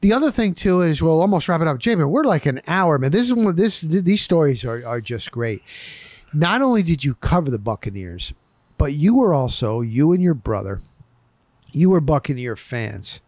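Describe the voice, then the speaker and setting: A man hosting a casual interview chat, prompting his guest with eager interjections and quick reactions. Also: on the high side, sing-song, a little mellow, dry recording. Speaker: podcast host.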